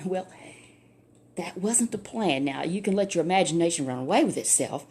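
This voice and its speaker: A woman's voice: lowish voice, animated, moderate pace, darkish tone, a little hiss or hum. An older woman, a grandmother telling a Bible story to a child in a folksy, chatty way full of asides.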